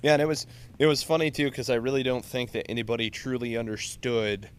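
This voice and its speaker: A man's voice: mid-range voice, little pitch movement, quick pace, smooth. Profane, storytelling Marine veteran man. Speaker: Marine veteran podcast co-host. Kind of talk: casual storytelling chat.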